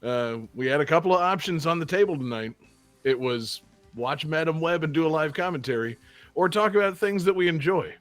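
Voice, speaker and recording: A man's voice: fairly high pitch, fairly quick, fairly bright tone, no echo, faint music behind. A young man hosting a casual gaming podcast, upbeat and rambling with lots of fillers, on a studio mic. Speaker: podcast host. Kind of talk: casual chat.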